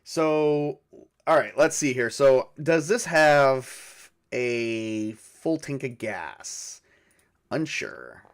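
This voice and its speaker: A man narrating a solo tabletop game, rolling dice and thinking aloud in a halting way with many fillers. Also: mid-range voice, expressive. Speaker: game master.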